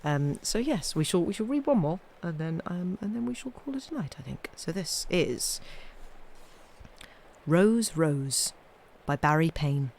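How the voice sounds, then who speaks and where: A woman reading old ghost stories aloud on a live stream, chatting wryly between tales and trailing off softly at the ends of sentences. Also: lowish voice, big pitch swings, unhurried, a little hiss or hum. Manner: chatty, wry, trailing off quietly.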